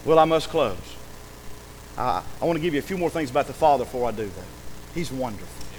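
A man's voice: mid-range voice, lively intonation, quick pace, darkish tone, a little hiss or hum, rough recording. A man, a pastor, preaching a sermon emphatically, acting out quoted speech and calling for amens.

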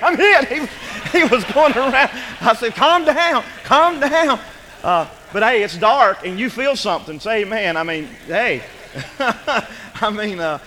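A middle-aged male preacher with a fairly high, bright, forceful voice, telling folksy stories with frequent amens. His sermon rings out with a long reverb, as in a church sanctuary. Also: slight background noise.

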